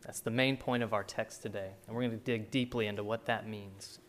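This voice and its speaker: A man's voice: lowish voice, steady tone, a little fast, a little hiss or hum. A pastor preaching a sermon, a man who talks emphatically and repeats his key points.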